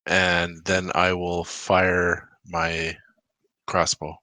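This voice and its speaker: A man's voice: low voice, completely flat delivery, drawn-out words, bright, forceful tone, no echo. A man playing a tabletop game, unsure of the rules and asking about them. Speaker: player.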